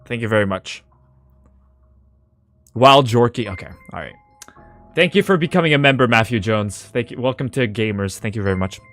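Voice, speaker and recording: A male game streamer talking casually on stream with a lively, swinging voice. He swears freely and laughs often, with faint music underneath. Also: mid-range voice, normal speed, pauses often. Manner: animated, swears, laughs a lot. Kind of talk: casual live-stream chat.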